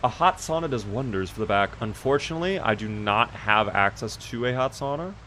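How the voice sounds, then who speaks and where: A man's voice: medium pitch, a little fast, slight background noise. A young man chatting casually while live-streaming a survival game, reading out chat and breaking into exasperated outbursts. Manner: animated, exasperated outbursts at his character.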